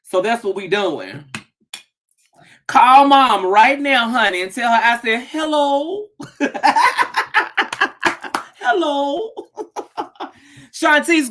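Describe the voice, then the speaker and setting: A woman hosting a casual live stream from her home office, greeting viewers by name and bursting into excited shouts. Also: a little high. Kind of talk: casual chat.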